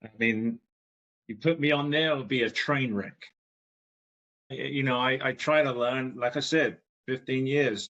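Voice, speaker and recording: A man with a bright, forward voice talks through a podcast chat in a halting, self-deprecating way. He stops and restarts often. The sound is a little muffled and lo-fi. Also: medium pitch, fairly even intonation. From England. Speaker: guest.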